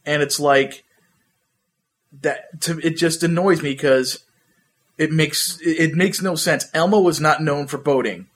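A young man hosting a podcast, ranting and swearing in casual, animated chat. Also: fairly high pitch, unhurried. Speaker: podcast host.

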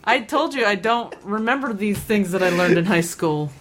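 A woman's voice: mid-range voice, expressive, moderate pace, a little hiss or hum. A woman co-hosting a podcast in casual chat, laid-back and dryly dismissive in banter. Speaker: podcast co-host.

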